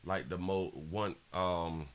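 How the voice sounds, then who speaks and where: A man's voice: low voice, steady tone, slow pace. A man hosting a live stream, chatting casually in slang, repeating phrases and reading out viewer donations. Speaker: livestream host.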